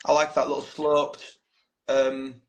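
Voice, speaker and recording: A man's voice: fairly high pitch, completely flat delivery, a little slow, low-quality recording. Chatty man telling stories. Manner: chatty, candid storytelling, swears freely, says "mate" a lot. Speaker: guest, band frontman. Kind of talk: casual podcast interview.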